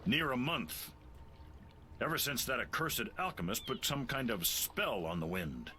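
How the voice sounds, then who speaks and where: A sarcastic gruff sea captain. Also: male voice, medium pitch, big pitch swings, sharp tone, a little hiss or hum. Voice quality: dry, mocking sarcasm with drawn-out questions. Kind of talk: video game voice acting.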